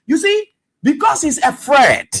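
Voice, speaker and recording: A man hosting a call-in radio show, talking fast and pushy. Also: very high voice, wildly swooping pitch, vocal fry, fairly bright tone, faint music behind. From Liberia.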